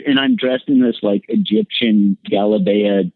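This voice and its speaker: A man, a podcast guest, telling a candid personal story in a lively way, his voice leaping up whenever he quotes himself. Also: normal speed, gravelly. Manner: animated storyteller, jumps high when quoting himself. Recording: dry, tinny phone-like line.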